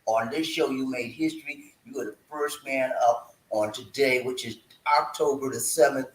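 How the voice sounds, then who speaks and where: A man's voice: mid-range voice, normal speed, roomy sound, slight background noise, poor audio. A man hosting a casual live stream, playful and talkative, hyping his viewers with slangy call-and-response chants. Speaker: livestream host. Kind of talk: casual livestream chat.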